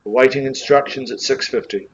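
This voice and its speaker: A man's voice: mid-range voice, fairly even intonation, fairly quick, dull audio. A man with a New Zealand accent calling a live property auction, coaxing bidders with jokes between bid calls.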